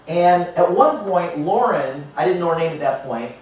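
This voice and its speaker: A man speaking as a motivational speaker, telling a story to a live audience and acting out the dialogue in a lively way. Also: fairly high pitch, moderate pace. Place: large indoor hall. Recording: echoey hall picked up from far off.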